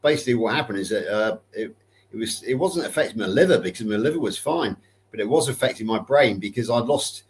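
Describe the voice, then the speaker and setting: A man's voice: on the low side, animated, fast. A man speaking as a podcast co-host in a casual, chatty and upbeat way.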